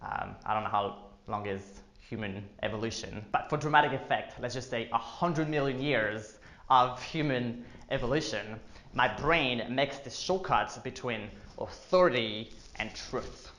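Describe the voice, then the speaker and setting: Casual male marketing vlogger, jokey asides, mid-pitched, echoey room. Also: a little slow, a bit bright. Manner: joking asides, filler-heavy. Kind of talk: casual explainer to camera.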